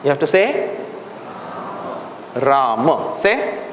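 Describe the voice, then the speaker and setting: Patient teacher guy, high voice, talks slow, long reverb in a big room. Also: animated. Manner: patient, explains by repetition and asks the class questions. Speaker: Sanskrit teacher. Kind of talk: classroom lecture. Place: classroom or hall. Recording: echoey hall, faint room noise.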